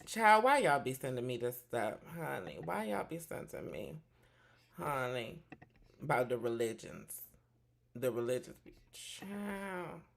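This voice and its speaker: A sassy commentary host with a gravelly, fry-laced voice and a bright, edgy tone. The talk is loose and casual, with "child" and "honey" dropped into nearly every line. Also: medium pitch, big pitch swings, unhurried, slight background noise.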